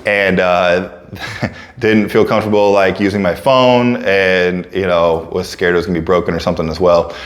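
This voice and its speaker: A man with a very low voice telling a story to camera in a loose, casual manner. He stumbles over fillers and restarts and jumps into other people's voices as he goes. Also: normal speed. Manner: relaxed, full of fillers and restarts, acts out others' lines. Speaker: fitness coach and storyteller.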